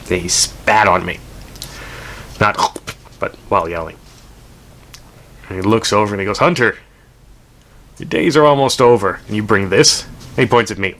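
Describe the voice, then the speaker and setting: A man with a low, bright, tense voice tells a dramatic first-person story. He swears freely and wanders off into rambling asides. Faint ambient noise sits under his voice. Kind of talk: told story.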